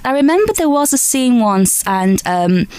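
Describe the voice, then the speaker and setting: A woman in her forties from Lancashire, England, telling lively stories in an interview as a guest actress, often restarting sentences. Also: a little high, normal speed, clean tone, dry recording. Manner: lively anecdotal storytelling, frequent restarts and small laughs. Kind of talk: chatty interview answers.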